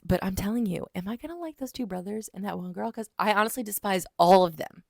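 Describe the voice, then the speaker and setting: A woman with a lowish, gravelly voice recaps a romance novel in a chatty, animated way. She jumps in and out of quick character voices. The sound is dry and close. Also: no echo. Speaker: book reviewer. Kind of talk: casual book review monologue.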